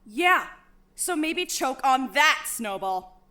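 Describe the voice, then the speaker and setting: A woman voicing a hot-headed, reckless student who shouts and swears in a fan audio drama. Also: high-pitched, big pitch swings, takes it slowly, heavily acted. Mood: smug.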